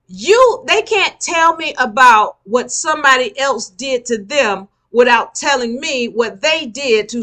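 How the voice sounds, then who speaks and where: A woman's voice: fairly high pitch, sharp tone. A woman giving a live spiritual lecture, emphatic and repeating her key points for the listeners. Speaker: spiritual teacher.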